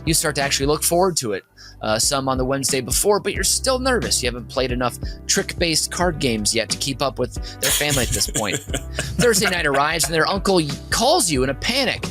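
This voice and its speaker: A man from Minnesota hosting a comedy podcast, reading a comic top-five list in a rambling, giggly way that keeps interrupting itself. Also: high-pitched. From Minnesota, USA. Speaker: podcast host.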